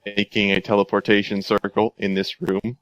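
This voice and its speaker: Man, player, lowish voice, eager, planning aloud, dry sound. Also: level tone, normal speed, fairly bright tone, no room sound, rough recording. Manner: eager, planning aloud, laughs at own schemes. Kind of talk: casual tabletop play.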